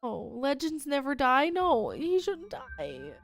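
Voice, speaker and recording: High-voiced woman streamer, full of exclamations. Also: huge pitch swings, unhurried, faint music behind. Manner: exclaims often, laughs and sighs between remarks. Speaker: streamer reacting to a fan game. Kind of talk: live reaction commentary.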